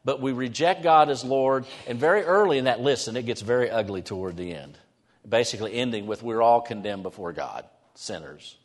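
Animated pastor preaching a sermon. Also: male voice, medium pitch, a little fast, long reverb tail. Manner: conversational, animated preaching with sudden drops to soft prayerful tones. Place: church sanctuary.

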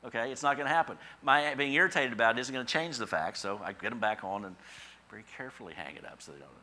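A man's voice: mid-range voice, fast, sharp tone. A man preaching a sermon in a conversational, storytelling way, acting out voices in his asides. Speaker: pastor.

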